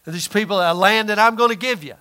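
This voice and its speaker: A man's voice: high-pitched, fast talker, pushed and bright. A man preaching a sermon in a conversational, emphatic way, often acting out quoted voices.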